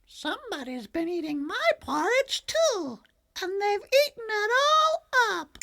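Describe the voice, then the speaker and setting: A man voicing a small, upset baby bear in a storybook tale, wailing in a very high squeaky voice. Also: big pitch swings, slow pace, creaky, sharp tone, a little hiss or hum, heavily acted. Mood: squealing.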